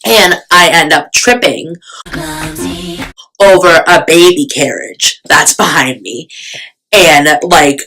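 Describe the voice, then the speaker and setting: A woman's voice: sits low, slow, pauses often, fairly bright tone, faint music behind, rough recording. A young woman vlogger telling a storytime in casual, chatty talk, full of fillers and self-mocking asides.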